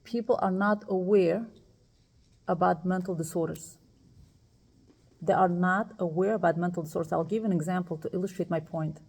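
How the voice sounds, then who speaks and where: Woman, gravelly voice, emotional storytelling, quotes dialogue, speaking to women. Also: fairly low pitch, steady tone, normal speed, long pauses, darkish tone. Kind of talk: personal storytelling talk.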